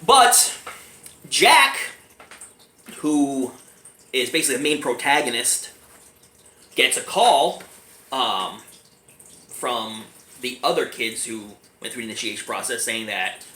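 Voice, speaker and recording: Giggly animated man reviewing a movie. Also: mid-range voice, takes it slowly, long pauses. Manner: giggly, animated, keeps breaking into laughter. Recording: echoey room, faint background noise.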